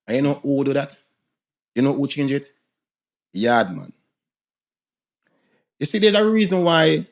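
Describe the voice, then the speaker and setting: Animated man with a Jamaican accent. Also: medium pitch. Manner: animated, lecturing, laughs at his own jokes. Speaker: podcast co-host. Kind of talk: casual podcast discussion.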